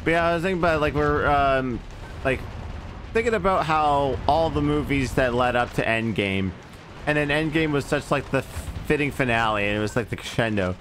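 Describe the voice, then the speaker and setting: A man streams a video game at a moderate pace, his voice a bit bright, over a little hiss or hum. In this relaxed let's-play chat he rambles off into profane movie digressions, his pitch swooping.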